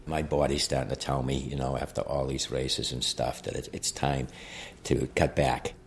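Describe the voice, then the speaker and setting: A man in his seventies recalling events in a plain, halting, conversational way during an interview. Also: very deep voice, flat delivery, gravelly, husky. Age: 70s. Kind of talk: interview recollection.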